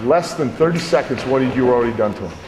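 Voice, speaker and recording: A man's voice: medium pitch, fast. A middle-aged man coaching wrestlers, critiquing matches and acting out scenes with swearing. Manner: animated, profane, acts out scenes. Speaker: wrestling trainer. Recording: echoey hall, faint background noise.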